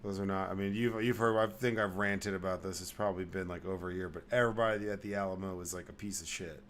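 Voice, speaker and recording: A man's voice: sits low, fairly even intonation, quick pace, a bit bright, slight background noise. A man from Texas hosting a podcast, ranting in casual, profane chat and mocking people in put-on voices. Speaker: podcast host.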